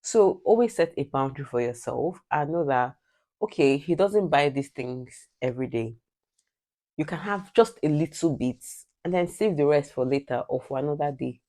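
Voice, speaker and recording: A woman's voice: sits low, lively intonation, normal speed, warm tone. A Nigerian woman giving direct, emphatic advice in a casual vlog, repeating her points like a preacher. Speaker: vlogger.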